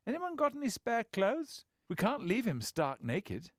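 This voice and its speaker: A firm, commanding male leader, read by a male narrator, gives orders with brisk, dry humour. His intonation rises and falls freely, and the sound is close and dry. It is a character in a storybook reading. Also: high-pitched, wildly swooping pitch, dry recording, pitched above the performer's own voice, full character voice. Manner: firm and commanding, dryly humorous. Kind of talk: audiobook character voice.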